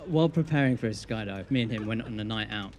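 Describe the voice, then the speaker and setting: A man's voice: fairly low pitch, fast. A young man giving a best man's wedding speech, telling a teasing story with dry punchlines.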